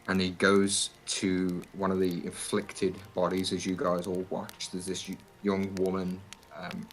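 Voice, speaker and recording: A man with a very deep voice narrates a tabletop session as game master. He describes scenes loosely, with many fillers, over a faint hiss. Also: fairly bright tone, poor audio.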